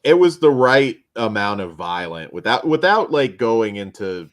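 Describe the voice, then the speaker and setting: A man's voice: fairly low pitch, very animated, a little slow. A man hosting a casual horror film review podcast, rambling with frequent restarts. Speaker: podcast host.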